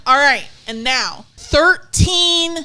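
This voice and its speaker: A woman's voice: high-pitched, expressive, slow, sharp tone. A woman co-hosting a casual wrestling podcast, blunt and exasperated as she rants. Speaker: podcast co-host.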